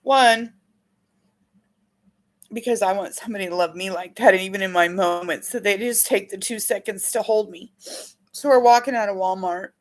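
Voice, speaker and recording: A woman's voice: medium pitch, normal speed. A middle-aged woman healing coach teaching in a casual, candid way, telling rambling, emotional stories from her own life.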